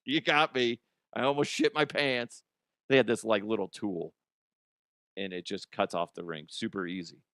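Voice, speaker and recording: A man's voice: mid-range voice, fairly bright tone, dry recording, studio quality. A middle-aged man hosting a comedic news show, rambling, laughing often and making crude jokes. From Colorado, US. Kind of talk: casual comedic news commentary. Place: studio.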